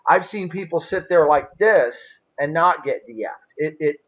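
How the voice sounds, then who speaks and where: A slightly high-voiced man hosts a relaxed interview, explaining things plainly and at length with homely asides. The audio is dull and lo-fi. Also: normal speed. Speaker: interview host, former elder. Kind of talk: casual conversational interview.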